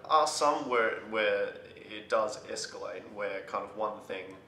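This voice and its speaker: Hesitant low-voiced man summarizing a film. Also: unhurried, sharp tone. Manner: hesitant, filler-heavy summarizing. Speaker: film reviewer. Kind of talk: casual film review chat. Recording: roomy room with faint rumble.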